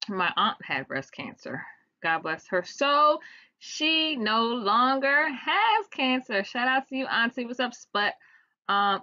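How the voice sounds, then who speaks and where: A woman's voice: mid-range voice, bright, forceful tone. A woman with a Washington DC accent giving a casual, slangy, playful science lecture to viewers as a chatty teacher. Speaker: science vlogger teaching class. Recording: dull lo-fi recording.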